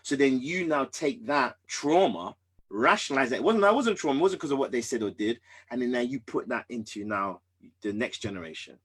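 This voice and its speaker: A husky-voiced man tells a personal story as a podcast guest. He is earnest and emphatic, getting loud one moment and hushed the next, at a middling pitch. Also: lively intonation, a little fast.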